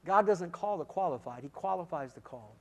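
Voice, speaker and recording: A man giving a sermon testimony, swinging from quiet, intimate moments to loud, emphatic calls, with repeated "come on" and "listen". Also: fairly high pitch, animated, brisk. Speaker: guest speaker giving testimony.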